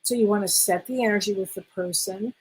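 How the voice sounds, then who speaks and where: Speaking a little fast in a mid-range voice with a breathy edge, a middle-aged spiritual medium hosts a laid-back live-stream Q&A over poor audio. She reads comments aloud and warmly calls viewers honey.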